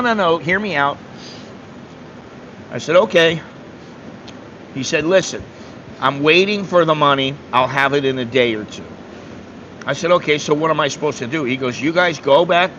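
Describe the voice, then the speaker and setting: A man from the United States tells a rambling travel story in a slightly high voice, blunt and swearing as he acts out the other people. The sound is dull and lo-fi, with a faint air-conditioner hum behind him. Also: fairly bright tone. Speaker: travel vlogger. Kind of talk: casual storytelling monologue.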